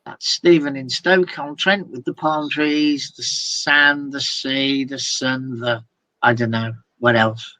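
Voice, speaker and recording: A man's voice: medium pitch, steady tone, slow, bright, forceful tone, dry recording. A man, co-hosting and closing a live online chat show in a rambling, casual way with plenty of fillers. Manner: chatty, rambling, with frequent fillers. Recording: dull, dry, lo-fi video call audio.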